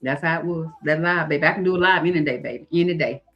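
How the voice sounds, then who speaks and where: A woman's voice: low voice, fast talker, muffled recording. Folksy woman host over faint music. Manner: folksy, calls listeners honey and baby. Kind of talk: casual live-stream chat.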